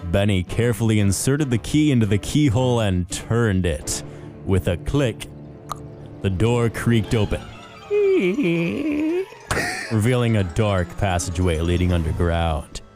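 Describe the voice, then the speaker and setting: A man's voice: on the low side, moderate pace, over music. A man co-hosting a podcast, chatting casually and narrating a children's story in a sinister movie-trailer style. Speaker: podcast co-host.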